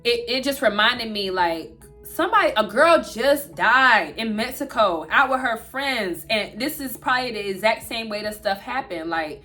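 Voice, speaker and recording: A woman, telling a storytime vlog straight to her viewers in an animated way. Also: fairly high pitch, normal speed, faint music behind. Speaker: vlogger.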